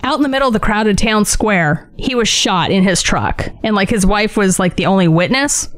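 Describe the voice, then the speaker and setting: A woman in her forties co-hosting a podcast, chatting in an animated, profane and joking way. Her voice sits at a middle pitch. The sound is dry and close. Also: normal speed, no echo. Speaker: podcast co-host. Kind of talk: casual chat.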